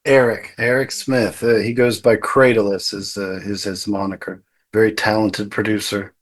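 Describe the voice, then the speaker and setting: A man's voice: on the low side, little pitch movement, normal speed. A male podcast guest speaking briefly and earnestly in casual conversation.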